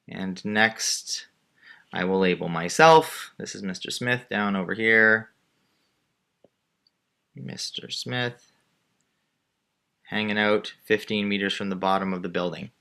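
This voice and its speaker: Bright-voiced male math teacher. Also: fairly low pitch. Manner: patient, explains step by step while drawing. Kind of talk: screen-recorded math lesson.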